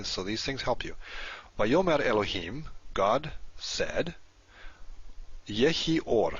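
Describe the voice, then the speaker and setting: A man teaching a recorded lesson, patient and explanatory, slowing down to spell out each word. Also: medium pitch, fairly bright tone, husky, dry recording. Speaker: Hebrew teacher. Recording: dull lo-fi recording.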